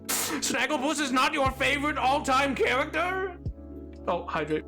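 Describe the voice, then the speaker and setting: A man's voice: very high-pitched, lively intonation, takes it slowly, pushed and bright, faint music behind. Playful male streamer, loose rambling banter with chat. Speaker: game streamer. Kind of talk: casual livestream chat.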